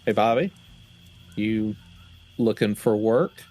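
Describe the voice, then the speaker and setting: A man playing a tabletop role-playing game, speaking in character in a measured, formal way with many fillers. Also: fairly low pitch, a little mellow. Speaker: player.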